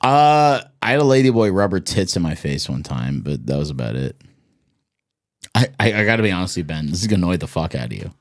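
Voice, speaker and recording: A man's voice: deep voice, sing-song, fast. A man talking as a podcast guest in crude, casual banter, laughing often and swearing a lot.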